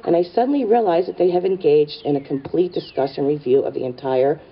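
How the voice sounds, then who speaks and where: A woman's voice: low voice, quick pace. A middle-aged woman telling a stand-up comedy story in a wry, conspiratorial way, full of asides. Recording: distant, dull live stage recording with audience and noise. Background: audience laughter.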